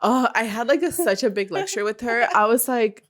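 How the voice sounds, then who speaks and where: A woman's voice: fairly high pitch, animated, normal speed. A young woman speaking as a guest in a casual chat, telling her stories emphatically. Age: young adult. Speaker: guest, salon owner.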